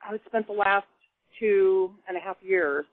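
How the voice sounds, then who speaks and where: A woman calls in from the Pacific Northwest and tells her stories in an animated, chatty way, laughing as she goes. Her voice comes through a tinny phone line with a dry sound. She talks at a middle pitch. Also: unhurried, dry recording. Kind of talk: casual storytelling.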